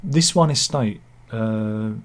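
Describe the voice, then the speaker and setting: A man's voice: on the low side, takes it slowly. A man giving casual satirical news commentary, full of wry self-mocking asides and mock-dramatic quips. He talks over pictures he shows. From England.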